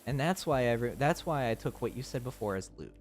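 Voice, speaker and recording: A man's voice: mid-range voice, expressive, a little fast. A young man talking off the cuff on a live stream, his voice sitting in an ordinary middle register. He rambles, jokes and answers his chat, while faint music plays behind him. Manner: rambling, joking, answers chat with frequent laughs.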